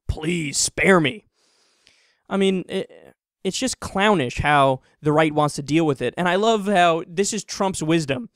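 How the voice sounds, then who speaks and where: Male commentator with a high voice and a mocking, swearing rant, recorded dry. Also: no room sound. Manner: sarcastic, mocking, profane rant. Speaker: political commentator. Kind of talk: online political commentary.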